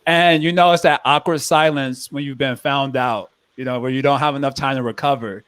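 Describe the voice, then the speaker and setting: A young man hosting a casual podcast chat, talking in a thoughtful, rambling way with many restarts. His voice sits at a middle pitch. The sound is close and dry, with no room around it. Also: fairly even intonation, a little fast, a bit bright, clean tone, no echo. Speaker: podcast host.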